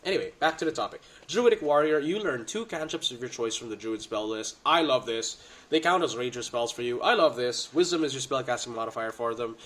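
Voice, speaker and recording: A man with a head cold gives a casual, excitable breakdown of tabletop game rules in slangy gamer talk, recorded on a budget home setup. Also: medium pitch, fast, hardly any pauses. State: congested from a cold.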